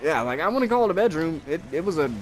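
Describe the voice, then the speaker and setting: A young man speaks quickly in a fairly high voice, with a little hiss or hum on the recording. He co-hosts a gaming video, rambling through swear-heavy, animated stories while gaming and raising his voice for quotes.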